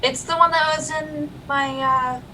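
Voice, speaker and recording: A woman co-hosting a loose livestream chat, rambling from one topic to the next. Her tone is bright and a bit sharp. She sits back from the mic, and a faint hiss runs underneath. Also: high voice, steady tone, far from the mic, poor audio. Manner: chatty, rambling, quick to laugh. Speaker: stream co-host.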